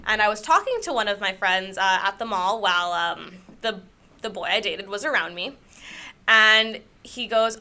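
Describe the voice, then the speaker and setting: A woman's voice: medium pitch, lively intonation, normal speed, pushed and bright. A young woman co-hosting a podcast, telling personal stories in a rambling, self-deprecating way with frequent laughter. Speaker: podcast co-host. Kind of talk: casual storytelling chat.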